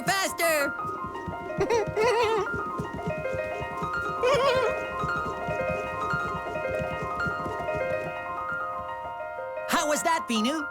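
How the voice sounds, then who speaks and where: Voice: sits high, full character voice. A performer voicing a cheerful, giggly male cartoon creature who eagerly helps his friend, with exclamatory, sing-song delivery in a preschool cartoon. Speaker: cartoon lead character.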